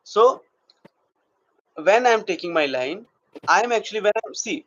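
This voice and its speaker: A male acting coach leads his class through an exercise, laying it out step by step and stopping to ask whether it is clear. His voice sits a little high. The recording is dull and lo-fi. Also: very animated, moderate pace, pauses often, fairly bright tone. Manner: explains step by step and checks in with the class.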